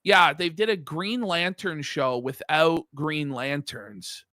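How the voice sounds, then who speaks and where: Bright-voiced sarcastic man. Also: a little high, slow pace, dry recording, clean studio sound. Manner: sarcastic, profane. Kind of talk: casual commentary chat.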